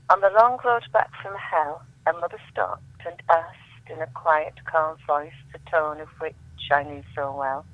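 A woman, a guest poet, reading her own poetry aloud in a measured, solemn way over the phone. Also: on the low side, no room sound. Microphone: telephone. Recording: tinny dry phone line.

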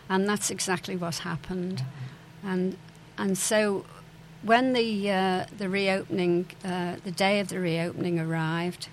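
In a reminiscing interview, an older woman, the daughter of a former club owner, tells stories from her past, hesitating with many fillers and restarts. Her voice is fairly low, and the low-quality recording has slight background noise.

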